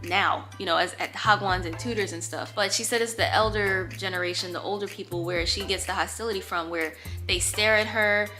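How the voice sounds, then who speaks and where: A young woman telling a dating story in a casual, animated way, acting out the quotes and swearing freely. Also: mid-range voice, fairly quick, soft background music. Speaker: storytime vlogger.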